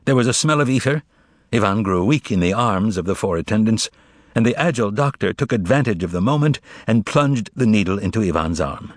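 A man reading a novel aloud as narrator in a measured, expressive way. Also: on the low side, dry recording, clean studio sound. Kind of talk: audiobook narration.

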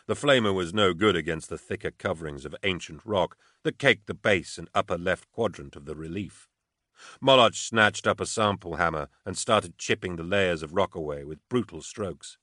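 A man's voice: low voice, moderate pace, sharp tone, no echo, clean studio sound. A man narrating fiction steadily as an audiobook narrator.

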